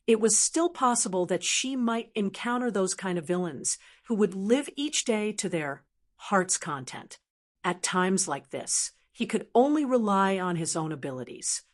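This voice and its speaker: A woman narrating a fantasy audiobook in a steady, even reading voice. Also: mid-range voice. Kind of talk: scripted narration.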